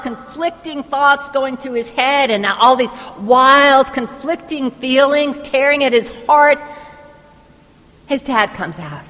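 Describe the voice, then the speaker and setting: A woman's voice: high voice, a bit bright, big-room sound. A woman preacher giving a sermon as a vivid, imaginative retelling of a story.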